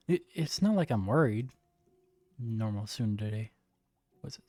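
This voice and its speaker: A man's voice: fairly low pitch, expressive, unhurried, pauses often, warm tone, dry recording. A man with a slight Southern US accent, a streamer reading a visual novel aloud, often stumbling and correcting himself. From Southern United States.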